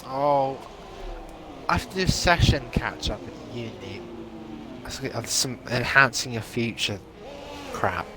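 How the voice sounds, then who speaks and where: A man's voice: mid-range voice, lively intonation, slow, pauses often. Young male co-commentator, casual banter, hiccupping, laughs a lot; noisy feed. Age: young adult. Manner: jokey, swears, laughs often. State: has hiccups. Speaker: race commentator. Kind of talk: casual sim racing commentary.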